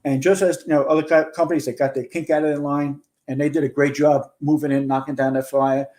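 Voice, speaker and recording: A man's voice: a little high, level tone, fast, a little mellow. A man in his sixties, a retired fire chief and podcast guest, earnestly recounting a big fire in close detail. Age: 60s. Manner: earnest storyteller, relives events in detail. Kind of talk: recounting a firefight in a podcast interview.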